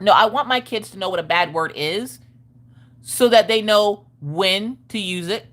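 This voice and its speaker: A woman hosting a live stream and chatting casually about parenting, frank and profane, with animated storytelling. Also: medium pitch, moderate pace. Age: adult parent of school-age children.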